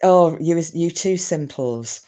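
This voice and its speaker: A woman's voice: fairly low pitch, slow pace, warm tone. A British woman hosting a live stream from her sofa at home, chatting casually with a nervous, giggly manner.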